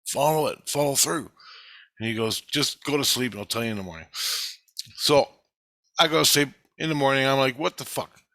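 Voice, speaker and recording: In this close, dry clip with no echo, a man who vlogs about his experiences spins a long, meandering first-person yarn full of profanity, growing more agitated along the way. His voice is mid-range, bright, forceful and animated, a little quick but broken by long pauses, and the people he quotes sound just like him.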